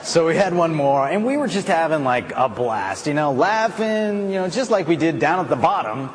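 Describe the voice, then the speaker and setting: An American man giving a playful, animated storytelling talk at a conference. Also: fairly high pitch, normal speed, long reverb tail. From United States. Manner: animated, playful, self-mocking. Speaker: conference speaker. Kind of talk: storytelling speech. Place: conference hall.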